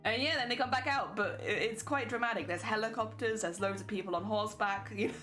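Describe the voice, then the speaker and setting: A woman's voice: mid-range voice, fast, a bit bright, faint music behind. A young woman streaming, chatting casually and laughing often while she reads chat.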